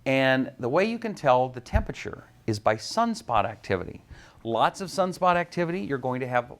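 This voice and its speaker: A man who hosts a talk show on the radio sits as a guest and tells animated stories. He slips in and out of the voices of the people he quotes. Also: mid-range voice, a little fast. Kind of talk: storytelling in an interview.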